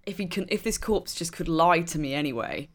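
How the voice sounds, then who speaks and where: A woman's voice: fairly low pitch, a little fast. A woman playing a tabletop role-playing game, talking casually and laughing easily. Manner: chatty, giggly. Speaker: player.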